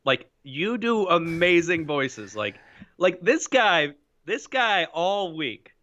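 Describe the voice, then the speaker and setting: A man's voice: a little high, very animated, slow, bright, forceful tone, lo-fi sound. A man co-hosting a livestream, bantering eagerly and laughing as he chats. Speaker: livestream co-host. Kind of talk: casual livestream chat.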